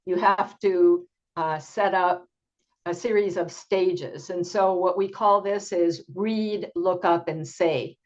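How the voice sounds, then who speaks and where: Slow, patient older woman teacher trainer. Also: on the low side, steady tone. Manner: slow, patient explaining with frequent ums. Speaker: teacher trainer presenting a workshop. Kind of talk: online workshop presentation. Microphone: video call. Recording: dull lo-fi video call audio.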